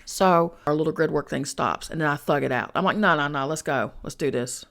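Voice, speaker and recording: She talks fast in a low, fairly bright voice, with few pauses. This podcast host and spiritual coach is casually recounting a personal story, full of slang and swearing, aimed squarely at her audience.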